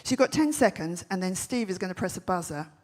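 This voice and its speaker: On a big event stage, a festival speaker delivers a funny keynote, her brash, animated storytelling punctuated by rapid-fire jokes. She speaks in a slightly low voice with a husky edge.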